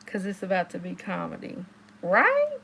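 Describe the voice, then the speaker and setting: A young woman, hosting a casual livestream and chatting with viewers, telling stories and jumping into high exclamations. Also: normal speed, sharp tone, slight background noise. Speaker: livestream host.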